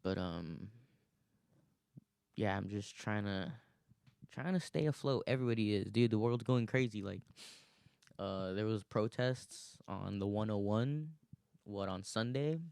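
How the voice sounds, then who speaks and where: A young man in his twenties with a lowish voice talks alone into the mic in a loose, rambling way, swearing freely and laughing at himself. The recording is close and dry, with almost no room sound. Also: unhurried, creaky, long pauses, darkish tone, clean tone, dry recording. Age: 20s. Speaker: podcast host. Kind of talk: casual solo monologue.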